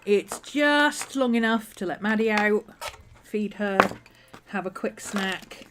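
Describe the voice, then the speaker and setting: A woman's voice: medium pitch, takes it slowly, very noisy. A woman hosting a casual live stream from her desk at home, chatty and greeting viewers by name. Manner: soft and coaxing when talking to her dog. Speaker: livestream host. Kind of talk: casual live-stream chat while crafting.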